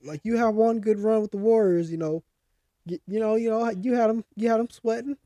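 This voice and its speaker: A man's voice: sits high, fairly quick, warm tone, no room sound. A young man co-hosting a casual sports podcast, ranting and swearing heatedly about his team's play. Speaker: podcast co-host.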